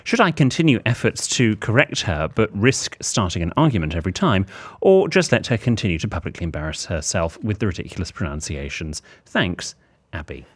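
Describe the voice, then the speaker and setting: A man's voice: sits low, very animated, brisk, hardly any pauses, slightly rough. A man co-hosting a podcast, teasing in a dry, arch way and reading out a listener's letter. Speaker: podcast co-host.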